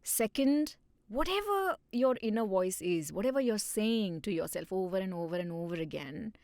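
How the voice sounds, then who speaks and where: Woman, hypnotherapist guest, expressive and animated, dry close studio sound. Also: mid-range voice, moderate pace, no room sound. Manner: animated, acts out inner dialogue. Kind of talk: podcast conversation.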